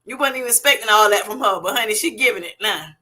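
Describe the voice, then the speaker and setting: A woman's voice: mid-range voice, fast talker, pushed and bright. A woman hosting a livestream from her phone at work, reading out viewers' comments, laughing often and teasing them playfully. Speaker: livestream host.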